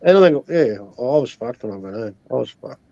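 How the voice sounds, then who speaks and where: A man's voice: mid-range voice, expressive, a little fast, creaky, dark tone, no room sound. Laid-back man on dull call audio. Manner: laid-back, swearing, mocking. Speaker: guest on a call. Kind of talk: casual late-night chat.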